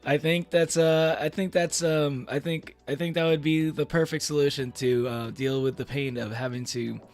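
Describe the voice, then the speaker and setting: A man's voice: fairly high pitch, fairly even intonation, normal speed, a little mellow. A young man streaming, chatting casually to his viewers in a rambling way, with many fillers and restarts and frequent laughs. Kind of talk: casual livestream chat.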